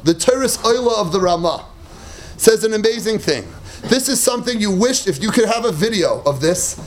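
Animated high-voiced man giving a Torah class. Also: slight background noise. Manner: animated, rising to near-shouts, laughing at own jokes. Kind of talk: Torah lecture.

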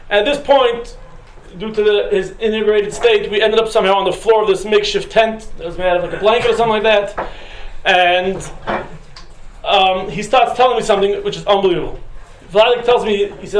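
A man with a high voice tells a class a personal story, casual and humorous, with plenty of fillers. He sounds like he's in a roomy, echoing space with a faint hiss behind him. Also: steady tone, brisk. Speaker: Torah teacher.

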